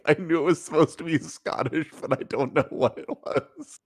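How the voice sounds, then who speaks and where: A man's voice: on the high side, normal speed, breathy edge, no room sound, studio quality. A man playing in a tabletop game, thinking aloud in a hesitant, casual way. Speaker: player.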